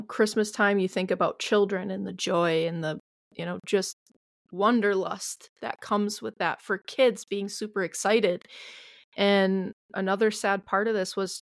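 A woman co-hosts a podcast, chatting casually and hesitantly with plenty of filler words and a bit of mild swearing. Her voice is mid-range, recorded at studio quality without echo.

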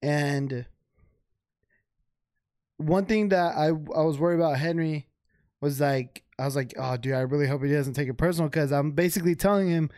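A man's voice: on the high side, normal speed, pauses often, a little mellow, no room sound, clean studio sound. A young man co-hosting a podcast in casual chat, loose and profane, full of fillers. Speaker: podcast co-host. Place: home.

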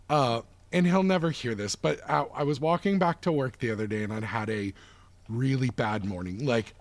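A man in his thirties hosting a casual podcast chat, talking at length and telling stories in an animated, chatty way. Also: medium pitch. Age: 30s. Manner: chatty, animated storyteller who acts out voices. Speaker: podcast host.

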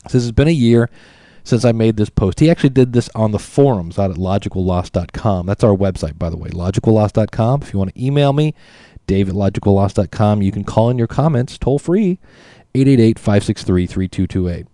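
A man with a low, mellow voice hosts a podcast as a casual monologue. He is chatty and self-deprecating. The sound is dry and close. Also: animated, a little fast, dry recording. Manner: chatty and self-deprecating, reads listener emails aloud. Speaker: podcast host.

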